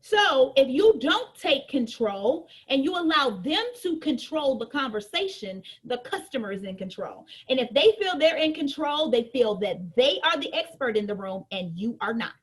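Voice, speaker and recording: High-voiced, chatty female sales trainer. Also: normal speed, hardly any pauses, slightly rough. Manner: lively, conversational, addresses listeners directly.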